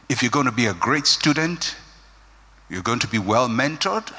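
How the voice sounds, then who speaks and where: A man's voice: mid-range voice, sharp tone, husky. Emphatic preacher man in a reverberant hall. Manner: emphatic, rising and falling preaching cadence. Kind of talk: sermon.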